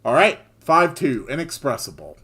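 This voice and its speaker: A man's voice: on the high side, sing-song, normal speed, pushed and bright, slightly rough. A man casually commentating his own gameplay and thinking aloud, over faint music. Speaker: game streamer reading and playing.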